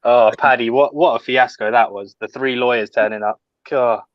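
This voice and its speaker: Measured man on a dull dry mic. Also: mid-range voice, steady tone, no echo. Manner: measured, explanatory. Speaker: podcast panelist. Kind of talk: casual football podcast chat.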